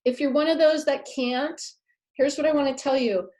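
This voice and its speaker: A woman's voice: sits high, steady tone, normal speed, warm tone. A woman giving a live masterclass talk on pets and the afterlife, earnest and emphatic, often repeating her key phrases. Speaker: pet afterlife speaker.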